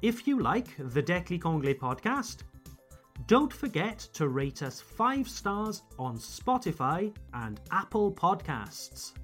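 A man hosting a podcast language lesson, slowly and clearly modeling example phrases for learners. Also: sits high. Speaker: English teacher and podcast host.

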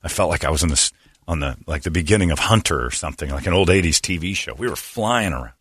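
A middle-aged man hosting a radio talk show, telling a lively story and acting out the people in it. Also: deep voice, fast talker, breathy edge, no room sound, clean studio sound. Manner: animated storyteller acting out quotes. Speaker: radio host.

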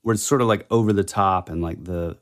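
A man's voice: low-pitched, brisk. A middle-aged man co-hosting a podcast, chatting casually and agreeably, often trailing off mid-thought. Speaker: podcast co-host. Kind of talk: casual chat.

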